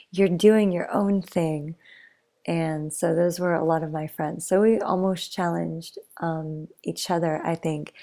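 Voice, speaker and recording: Soft and sometimes nearly whispering, a young woman rambles chattily through a casual bedtime story that keeps wandering off on tangents. Her voice sits low, gravelly and touched with vocal fry.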